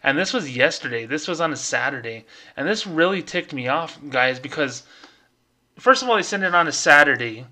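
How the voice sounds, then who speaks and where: A man hosting his own podcast, ranting in a casual, fired-up way and slipping into quick mocking voices. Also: on the high side, lively intonation, bright, forceful tone. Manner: fired-up, ranting, mimics people in quick asides. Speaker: podcast host.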